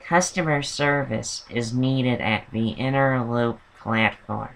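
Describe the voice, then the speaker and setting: A man's voice: medium pitch, takes it slowly, creaky, rough recording. A man mimicking a tired, nasal train announcer lady. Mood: bored. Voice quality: nasal, flat and drawn out. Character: weary female recorded train announcer.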